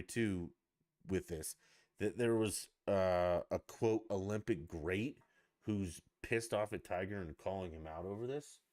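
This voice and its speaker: A man's voice: on the low side, dry recording, clean studio sound. A middle-aged man ranting casually as a podcast host, blunt, mocking and profane.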